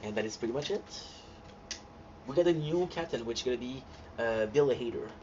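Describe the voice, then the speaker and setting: An excitable man gushing through a casual episode recap, tripping over restarts and fillers. His voice is muffled and lo-fi, with steady noise hissing behind it. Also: mid-range voice, fairly quick. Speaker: host reacting to a TV series. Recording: dull lo-fi sound with clear background noise.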